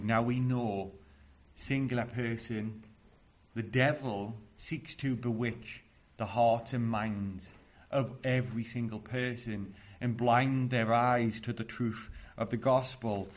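A man's voice: mid-range voice, fairly even intonation, slow. Male preacher, earnest and emphatic sermon delivery, mid-range voice. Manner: earnest, emphatic, with repeated restarts.

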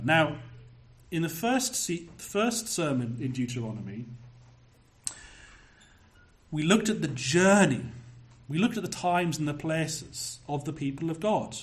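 A pastor preaching a sermon, measured and emphatic, slowing down to stress key phrases. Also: male voice, on the high side, expressive.

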